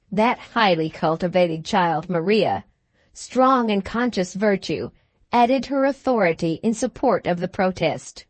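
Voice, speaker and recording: A woman's voice: lowish voice, no echo. Woman narrating, dry and close. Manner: measured, expressive reading. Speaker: audiobook narrator. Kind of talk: scripted narration.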